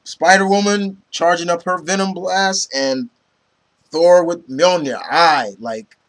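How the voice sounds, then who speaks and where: Male comic reviewer, slightly high-pitched, loose and rambling, heavy on "you know". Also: slow pace. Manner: retells scenes, quoting characters. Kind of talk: casual review talk.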